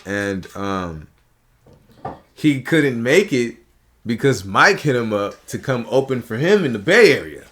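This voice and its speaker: Animated man telling stories in a studio. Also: mid-range voice, measured pace. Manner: animated storyteller acting out quotes. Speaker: podcast guest, comedian. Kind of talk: casual storytelling chat. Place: podcast studio.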